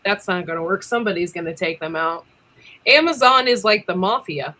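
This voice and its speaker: A woman chatting casually on a livestream, laughing often and filling pauses with ums. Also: lowish voice, animated, pushed and bright. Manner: giggly, chatty, lots of ums. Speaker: livestream co-host.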